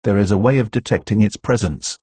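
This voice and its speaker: A man's voice: on the low side, mellow, husky, no room sound. A man voicing a grave middle-aged doctor who speaks firmly and insistently. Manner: firm, measured, accusing.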